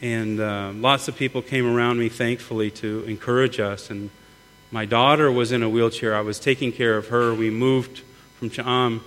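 A man's voice: medium pitch, steady tone, moderate pace, fairly bright tone. A middle-aged man preaching a sermon earnestly, often repeating words as he builds. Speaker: pastor. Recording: long hall reverb, mains hum.

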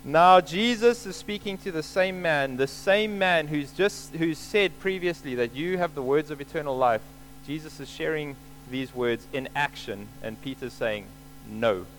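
A man's voice: on the high side, normal speed, fairly bright tone, soft background music, low-quality recording. A man preaching a sermon, explaining scripture earnestly and repeating key points for emphasis.

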